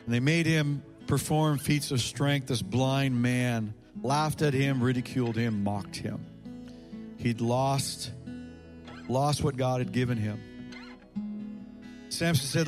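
A man's voice: medium pitch, measured pace, pauses often, music in the background. A man preaching a sermon as a pastor in a church, his volume rising and falling for emphasis. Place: church sanctuary.

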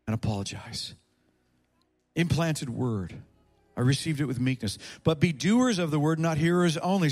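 A man's voice: a little high, a little mellow. A man preaching a sermon as a pastor in a church, his volume rising and falling for emphasis. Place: church sanctuary.

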